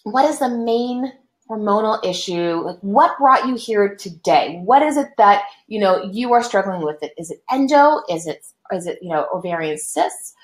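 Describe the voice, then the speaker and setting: In an echoey room, a young woman hosts a live online webinar, greeting viewers in an upbeat, chatty manner full of fillers, like a casual live stream. Her mid-range voice has lively intonation and a moderate pace.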